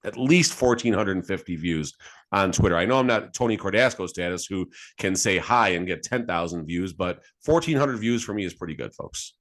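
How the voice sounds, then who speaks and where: A man co-hosting a casual sports podcast with a fairly low voice. He jokes and gets animated, often repeating words and restarting as he riffs on the games. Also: a little fast. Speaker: podcast co-host.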